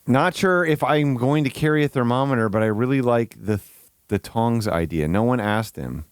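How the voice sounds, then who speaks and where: Lively, incredulous streamer man. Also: medium pitch, moderate pace, clean tone, no room sound, clean studio sound. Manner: incredulous, swearing, stammering with bursts of laughter. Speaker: streamer reacting to videos. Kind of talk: casual live-stream commentary.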